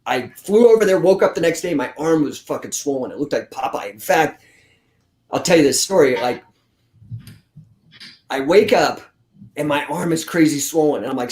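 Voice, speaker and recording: A man's voice: on the high side, normal speed, pauses often. A man in his forties, a guest telling blunt, profanity-laced stories in a casual interview. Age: 40s. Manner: profane, blunt, animated storyteller. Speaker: guest, grappling coach. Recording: roomy echo.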